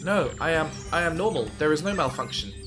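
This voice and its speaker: Formal male computer AI, man voicing it, quiet, measured, earnest. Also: on the high side, expressive, music in the background, lightly acted. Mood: solemn. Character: calm, earnest male computer AI of an enemy base.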